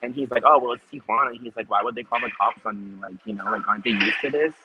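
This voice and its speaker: A man's voice: medium pitch, fast talker. A man hosting a podcast, chatting casually and acting out other people's lines as he tells a story, with many "like" fillers. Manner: animated retelling with acted-out quotes and many "like" fillers. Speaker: podcast host. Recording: dull lo-fi recording with clear noise.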